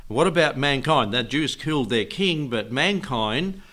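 A man's voice: mid-range voice, expressive, takes it slowly, a bit bright. An older man preaching a Bible teaching sermon in a folksy way, chuckling often and asking his listeners questions.

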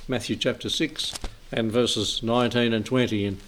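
A man's voice: medium pitch, steady tone, normal speed, fairly bright tone, a little hiss or hum. A man leading an informal Bible study, rambling, chuckling often and reading scripture aloud.

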